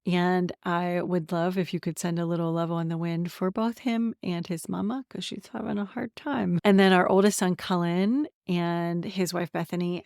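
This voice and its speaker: A woman in her forties from central Pennsylvania talks candidly on her solo podcast, laughing often. Her voice sits low and carries a gravelly vocal fry. It is recorded close up in a dry room. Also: darkish tone, no echo. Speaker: podcast host, somatic transformation coach. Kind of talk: personal solo podcast talk.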